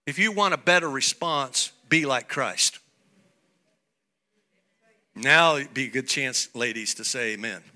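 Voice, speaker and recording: High, bright-voiced preaching pastor. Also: male voice. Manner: preaching with rising shouts and playful asides. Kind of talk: sermon.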